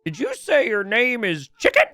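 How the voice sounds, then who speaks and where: A high, drawling old man caller. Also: huge pitch swings, normal speed, pushed and bright, faint music behind, heavily acted. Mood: amused disbelief. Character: folksy hard-of-hearing old man caller, 78.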